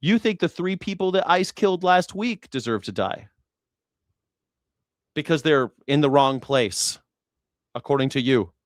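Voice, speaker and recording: A man's voice: on the high side, animated, measured pace, pauses often, no room sound. Profane ranting man, dry sound. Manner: profane, repetitive, shouting tirades. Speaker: livestream host. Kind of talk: heated commentary rant.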